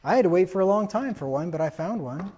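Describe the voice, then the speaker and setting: This preacher has a high-pitched, warm voice with a breathy edge, lively intonation, and a quick pace, though the recording is muffled. His sermon feels like conversation, full of "right?" tag questions and acted-out dialogue from his stories.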